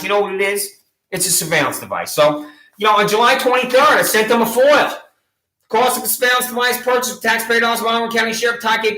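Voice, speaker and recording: A man delivering an indignant, mocking rant straight to camera, full of sarcasm and taunting questions. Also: high-pitched. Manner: loud rising taunts at times. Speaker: local activist vlogger. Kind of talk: ranting monologue to camera. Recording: echoey room.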